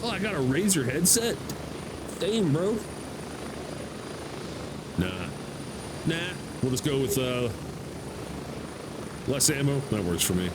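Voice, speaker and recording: Excitable American streamer, swinging pitch. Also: male voice, takes it slowly, long pauses, heavy background noise. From United States. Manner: excitable, swearing, talking to himself. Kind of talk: live gameplay commentary.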